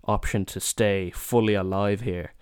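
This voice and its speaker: A man's voice: on the low side, fairly even intonation, unhurried, darkish tone, smooth, no echo, clean studio sound. Young man telling a rowdy, cursing holiday story. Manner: swears a lot, acts out quotes in raised voices. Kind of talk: casual comedic anecdote.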